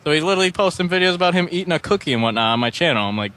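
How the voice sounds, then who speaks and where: A man on a gaming podcast as a guest, telling stories in a sarcastic, animated way. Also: on the high side, rapid-fire, clean tone. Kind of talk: casual chat.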